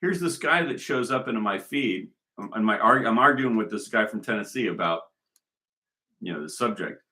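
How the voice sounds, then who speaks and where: A man's voice: fairly low pitch, animated, moderate pace, pushed and bright. Guy ranting on and on, emphatic and repetitive, voice jumps all over. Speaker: commentator. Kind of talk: rambling monologue.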